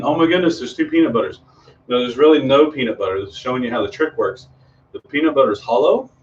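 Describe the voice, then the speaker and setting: A man's voice: medium pitch, slight background noise. Chatty man doing magic, distant and muffled. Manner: chatty and rambling, full of ums and restarts. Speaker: children's magician. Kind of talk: performing magic tricks for kids on a video stream. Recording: distant, dull home video sound.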